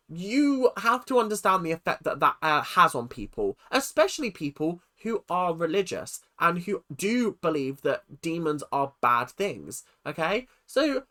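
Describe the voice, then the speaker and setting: Emphatic vlogger, exasperated rant with a swooping, expressive pitch and many rhetorical questions. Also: measured pace, hardly any pauses. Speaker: reality TV recap vlogger. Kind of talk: ranting commentary to camera.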